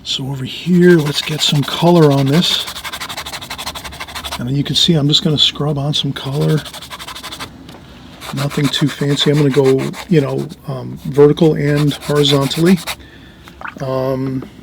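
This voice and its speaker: A middle-aged man giving an easygoing oil painting lesson, talking while he works and often trailing off softly. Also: fairly high pitch, level tone, a little slow, creaky, pauses often, background noise. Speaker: painting instructor. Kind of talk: relaxed painting tutorial.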